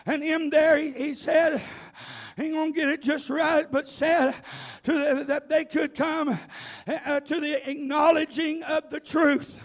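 A man preaching a revival sermon, chanting repeated phrases and shouting to the congregation. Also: extremely high pitch, level tone, unhurried.

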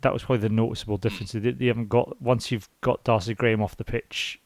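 A man's voice: mid-range voice, fairly even intonation, fast talker, a little mellow, no room sound. Man, podcast host, casual rambling chat, dry close sound, stop-start delivery.

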